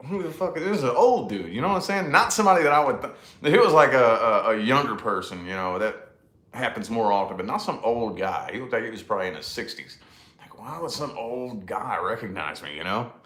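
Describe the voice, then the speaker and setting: A man's voice: on the low side, expressive, brisk, fairly bright tone. A man vlogging in a casual, rambling monologue, swearing freely and laughing often at himself. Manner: profane, self-deprecating, laughs often. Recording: echoey room.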